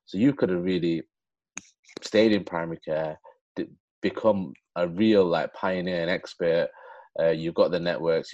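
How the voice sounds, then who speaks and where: A man's voice: low-pitched, darkish tone, no room sound, highs cut off. A man hosting a casual podcast interview, asking long rambling questions in a chatty, joking way. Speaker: podcast host.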